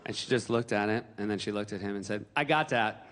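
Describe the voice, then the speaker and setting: A man in his forties from New Hampshire doing animated stand-up comedy on a theater stage. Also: lowish voice, fast talker. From New Hampshire, USA. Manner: animated, breaks into yelled impressions. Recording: stage mic in a reverberant hall.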